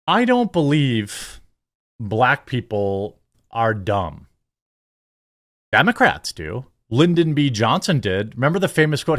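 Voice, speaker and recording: Middle-aged dude ranting politics, sarcastic, voice jumping all over. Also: male voice, medium pitch, very animated, a little slow, a bit bright. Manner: indignant, sarcastic, emphatic. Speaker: commentary channel host.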